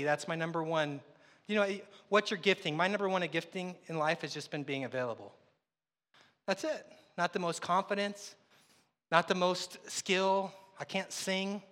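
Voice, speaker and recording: A man's voice: sits high, fairly bright tone, big-room sound. A man preaching a sermon as pastor, telling stories in a conversational, self-deprecating way. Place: church sanctuary.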